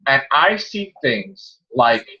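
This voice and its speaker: Fed-up guy venting on his podcast, pitch all over the place, muffled lo-fi sound. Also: sing-song, slow, pushed and bright, faint music behind. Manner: exasperated, ranting, swinging pitch. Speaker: podcast host. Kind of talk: heated casual chat.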